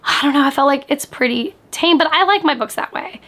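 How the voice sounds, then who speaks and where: A woman book vlogger in casual reaction chat, animated and chatty, sprinkling "like" through her talk. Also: high-pitched, fairly quick. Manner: chatty, animated, frequent "like" fillers.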